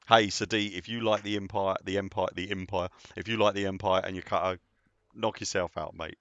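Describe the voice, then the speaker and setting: A man's voice: deep voice, steady tone, brisk, fairly bright tone, dry recording, muffled recording. A man casually chatting while live-streaming a game, rambling and answering viewers as he plays.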